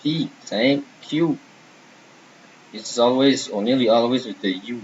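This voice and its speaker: A man teaching a French lesson, slowly and deliberately pronouncing letters and repeating sounds for learners. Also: medium pitch. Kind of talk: patient language lesson. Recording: dull lo-fi sound with faint hiss.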